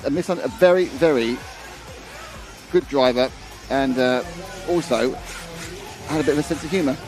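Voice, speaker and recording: A man's voice: medium pitch, normal speed, music in the background. A man commentating a live race and telling long rambling stories with many restarts.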